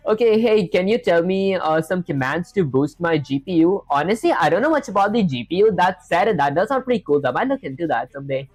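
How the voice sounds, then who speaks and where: A woman's voice: lowish voice, animated, brisk, few pauses, a little mellow, soft background music. A young woman streaming live as she codes, thinking aloud and chatting casually with her viewers. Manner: chatty, thinks aloud, reads chat and answers it, lots of "guys" and "honestly". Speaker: coding livestreamer. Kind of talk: casual live-stream chat while coding.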